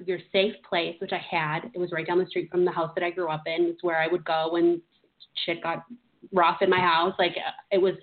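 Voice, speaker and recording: A woman in her thirties, a podcast co-host, telling a personal story in an emotional, rambling way with many fillers and restarts. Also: lowish voice. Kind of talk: casual conversational storytelling. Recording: tinny phone-like audio.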